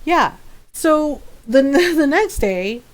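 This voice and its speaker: Young woman streamer with a higher voice, casually telling a story to her chat, animated and indignant, breaking into laughs. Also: extremely slow.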